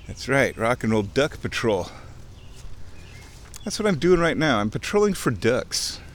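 A nature vlogger chats casually as he walks along a wooded creek, his medium-pitched voice sing-song and slow with long pauses. He's playful, mimicking sounds and chuckling often. There's a little hiss or hum, plus faint outdoor ambience.

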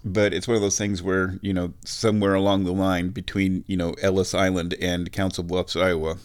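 A man's voice: deep voice, flat delivery, moderate pace, smooth. A middle-aged man telling rambling personal stories in a chatty, self-mocking way, laughing at his own jokes.

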